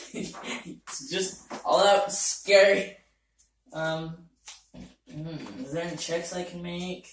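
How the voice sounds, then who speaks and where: A woman player in a tabletop game speaks bluntly and teasingly in a low, unhurried voice. The recording is roomy and off-mic, with faint noise behind. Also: far from the mic. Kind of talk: casual tabletop play.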